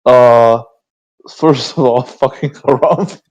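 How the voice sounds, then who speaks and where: A man's voice: medium pitch, slow pace, a little mellow, dull audio. A man who is the new podcast co-host, laughing often and swearing casually as he tells a school story. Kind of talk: casual chat.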